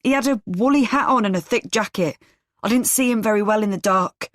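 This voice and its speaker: A man's voice: high voice, a little fast, fairly bright tone, dry recording, voice pushed up. A woman voicing a scared, clueless male messenger who pleads and swears in a raised voice.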